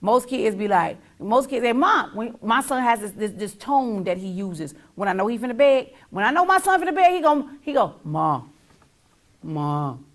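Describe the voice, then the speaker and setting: A woman's voice: a little high, expressive, brisk, hardly any pauses. A middle-aged woman telling her own story as a mother, emphatic and repetitive, sometimes dropping almost to a whisper. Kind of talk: heartfelt personal testimony.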